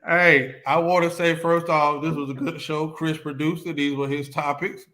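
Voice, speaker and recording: A man's voice: on the high side, moderate pace. A man co-hosting a podcast, telling stories in casual banter and laughing often. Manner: animated storyteller, laughs often. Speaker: podcast co-host.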